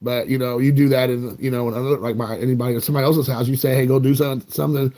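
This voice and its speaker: The voice is medium-pitched, mellow, and steady in tone, though he races along quickly. He's an American man in his forties hosting a card collecting channel, casually rambling to viewers with jokes and self-mockery.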